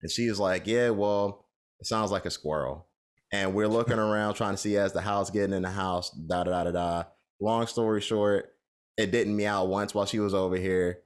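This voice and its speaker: A man's voice: fairly low pitch, flat delivery, normal speed, clean tone. A man co-hosting a podcast, telling a long story in a casual, rambling way with lots of fillers. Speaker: podcast co-host.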